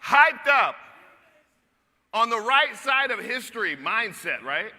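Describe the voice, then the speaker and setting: A man giving an energetic rally speech as a guest speaker, shouting and leading the crowd in chants. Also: very high voice, slow. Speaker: guest speaker at a youth conference. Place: large hall with a live crowd. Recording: reverberant hall, loud crowd noise.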